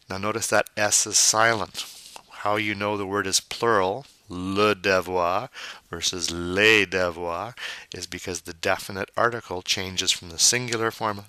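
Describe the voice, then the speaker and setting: A man teaching French vocabulary, modeling each word slowly and repeating it, with playful asides. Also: low voice, sharp tone, no room sound. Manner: slow, drawn-out model pronunciations with repetition. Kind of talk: vocabulary pronunciation lesson.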